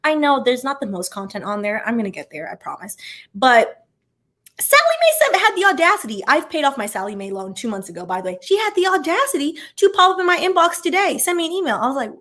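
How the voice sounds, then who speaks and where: A woman in her thirties, a former attorney hosting her channel, chatting casually and reacting to viewer comments with quick tangents and lots of filler words. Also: high-pitched, big pitch swings, fairly bright tone.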